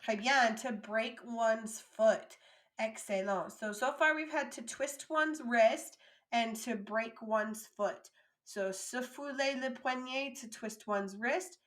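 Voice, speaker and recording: Slow, high-voiced woman teaching French. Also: fairly bright tone. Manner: slow drilled pronunciation, then quick English asides. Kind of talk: recorded language lesson.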